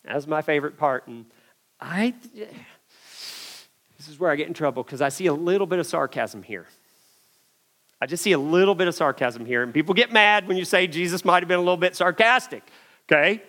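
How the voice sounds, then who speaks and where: A man preaching a sermon, telling a story in an animated way and swinging from loud emphasis to hushed moments. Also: on the high side, normal speed, long pauses.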